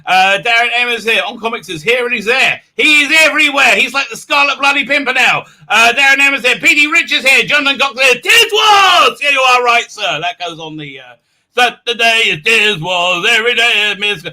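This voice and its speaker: A man with an English accent hosts a casual livestream, rambling through chat with stammered restarts and crude asides. His voice sits high and sounds very bright and forceful. He breaks into loud laughter and shouting now and then. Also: expressive, quick pace, hardly any pauses. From England. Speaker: livestream host.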